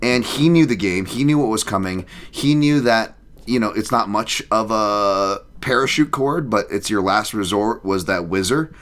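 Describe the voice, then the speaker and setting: A man hosting a podcast, chatting casually about martial arts and reading listener picks, animated and quick to laugh. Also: on the low side. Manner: animated, laughs often, joking. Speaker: podcast host.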